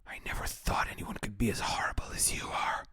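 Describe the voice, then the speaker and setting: A man's voice: a little fast, sharp tone, lightly acted. A man reading a heartbroken young woman's lines from a game aloud as whispered role-play, pleading and blaming herself. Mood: bitter. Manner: pleading, self-reproaching, breaks into unvoiced whisper.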